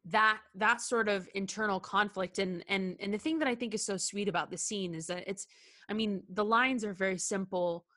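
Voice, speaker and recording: Speaking at a moderate pace in a mid-range voice, a podcast co-host talks over a film scene in a casual, heartfelt chat. Her tone is bright and forceful though her intonation stays fairly even, and she's hesitant, with plenty of ums, restarts and laughter, yet earnest.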